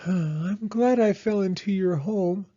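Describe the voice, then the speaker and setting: A man voicing a small, sad young female hedgehog who speaks in a timid, halting, tearful way. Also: high-pitched, mellow, highs cut off, pitched above the performer's own voice. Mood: grateful.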